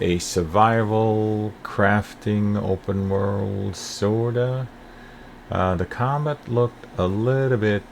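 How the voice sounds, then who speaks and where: A man hosting a casual first look at a game, talking in a relaxed, rambling way with many fillers. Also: low voice, gravelly, slight background noise. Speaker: game channel host.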